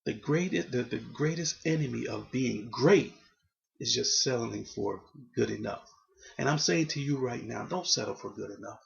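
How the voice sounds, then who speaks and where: A man's voice: mid-range voice, normal speed, vocal fry, highs cut off. A man giving an earnest, rambling motivational talk full of restarts. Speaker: motivational vlogger.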